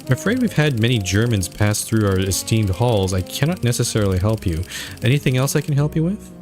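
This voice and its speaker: A courteous, slightly evasive office administrator woman, read aloud by a man. The voice sits low and is delivered in game dialogue, brisk and formal. Faint music plays behind. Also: very animated. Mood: polite. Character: woman, senior dental office administrator, polite.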